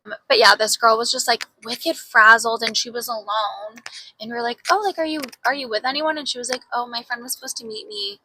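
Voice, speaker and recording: Chatty young woman with a bright voice. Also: fairly high pitch, fairly even intonation, a little fast, a little hiss or hum, rough recording. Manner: chatty storyteller, heavy use of "like", swears freely. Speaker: podcast co-host. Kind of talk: casual chat.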